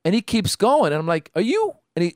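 Smooth-voiced man telling an animated story. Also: high-pitched, fast, no echo, studio quality. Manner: animated storyteller, many restarts, acts out voices. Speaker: podcast co-host telling a story. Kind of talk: casual chat.

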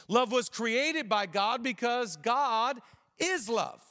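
A high-pitched male pastor in his thirties, preaching with energy and slowing down to drive key lines home. He mixes in quick joking asides. His voice rings out with long reverb through a church auditorium. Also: animated, pushed and bright. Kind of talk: sermon.

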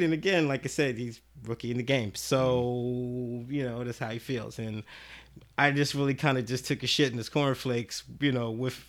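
Guy on a podcast telling a wild story, swears a lot, acts out the quotes, regular mid pitch. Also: moderate pace. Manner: profane, animated, acts out quotes. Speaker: podcast guest. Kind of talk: casual storytelling.

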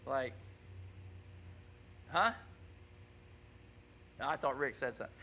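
A man preaching a conversational sermon in a church, animated and often checking in with his listeners. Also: mid-range voice, takes it slowly. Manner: animated, keeps asking "right?".

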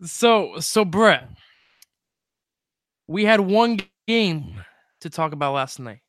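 Energetic male sports podcast host. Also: high-pitched, slow pace. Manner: energetic, stumbling restarts, jokey. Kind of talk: casual sports podcast chat.

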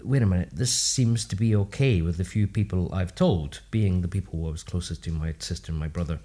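A man's voice: sits low, fairly quick. A man, a speech and language therapist, telling personal anecdotes with humor as a guest in a podcast interview. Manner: warm, humorous anecdotal storytelling with lively asides. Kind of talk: casual storytelling interview.

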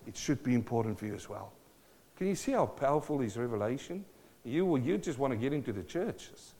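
A pastor with a mid-range voice preaches a sermon a little fast, animated and repeating phrases, laughing between his points. A long reverb from the echoing hall hangs on every word.

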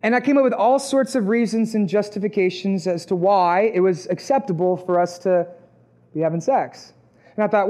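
A man, perhaps in his twenties, preaching a sermon with a personal testimony, talking conversationally and rising to loud, emphatic peaks. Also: high voice, moderate pace. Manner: conversational, acts out quoted voices, rises to loud emphatic peaks.

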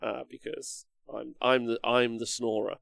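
A man's voice: medium pitch, little pitch movement, a little slow, gravelly, a bit bright, no echo, clean studio sound. A young man hosting a casual livestream, rambling, reading chat comments aloud and swearing freely. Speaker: livestream host.

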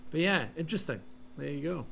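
A man's voice: on the high side, lively intonation, fast, vocal fry, a bit bright, a little hiss or hum. A man with a Scottish accent, chatting casually as a co-host of a wrestling podcast and rambling through his stories while laughing at himself. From Scotland.

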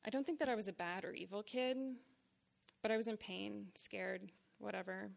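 A woman in her thirties from the Boston area, a writer giving a live reading of her own memoir to an audience, in deliberate, measured short phrases and with blunt frankness. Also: mid-range voice, gravelly. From Boston area, United States. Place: reading series event before an audience.

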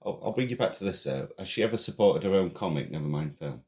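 Lively low man, playful and laughing. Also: quick pace. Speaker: podcast guest. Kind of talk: casual chat.

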